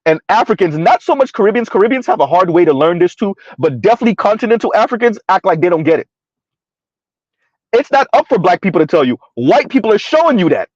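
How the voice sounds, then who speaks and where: Blunt, mocking high-voiced man. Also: big pitch swings, fast talker, dry recording. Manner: blunt, mocking, laughs often. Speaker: online commentator. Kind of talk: live-stream commentary reading chat. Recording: dull lo-fi dry sound.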